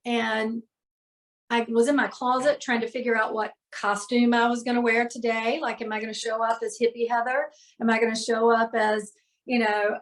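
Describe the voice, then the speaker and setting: High-voiced woman telling a personal story. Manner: emotional, animated retelling with many fillers. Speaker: podcast guest, healer.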